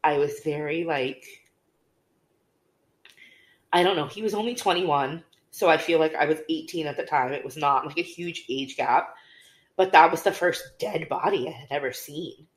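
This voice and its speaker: A woman's voice: low voice, normal speed. Young woman podcaster, candid and chatty, echoey room. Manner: candid storytelling, many fillers. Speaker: podcast co-host. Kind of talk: casual conversation. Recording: roomy echo.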